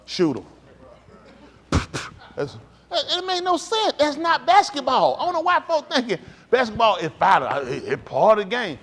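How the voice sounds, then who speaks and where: A man with a high voice talks to his congregation in a casual, blunt way. His pitch swings widely as he jokes, acts out plays and rants. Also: normal speed. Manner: animated, joking and acting out plays; blunt, ranting. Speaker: speaker addressing a congregation. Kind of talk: casual, animated talk to a congregation.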